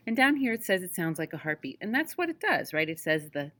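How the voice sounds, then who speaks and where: A woman's voice: deep voice, big pitch swings, fairly quick, few pauses. A woman teaching a lesson on poetry in a casual, chatty way, often checking in with the class. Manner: casual, chatty, frequent "okay?" check-ins.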